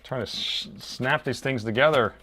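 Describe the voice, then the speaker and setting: A man's voice: mid-range voice, normal speed, sharp tone, breathy edge. A man chatting casually with his live-stream viewers while he repairs a laptop, talking to himself as he works.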